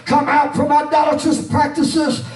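A male preacher chants his sermon in a sing-song whoop, shouting each phrase and breaking it up with a steady "uh." His voice sits very high and rings through an echoey church. He is picked up from a distance, with faint music underneath. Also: unhurried. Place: church sanctuary. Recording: echoey room, far from mic, with music.

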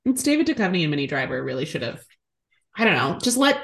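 A young woman co-hosting a casual podcast, recapping a movie in a sarcastic, animated way, with some swearing. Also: fairly low pitch, fast talker, creaky. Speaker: podcast co-host.

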